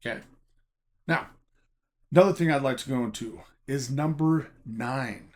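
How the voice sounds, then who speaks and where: Chatty emphatic man giving hobby advice. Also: a little high. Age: adult teaching a college class. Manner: chatty, emphatic, frequent "okay?" asides. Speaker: Pokémon card collector and seller. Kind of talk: casual talking-to-camera advice.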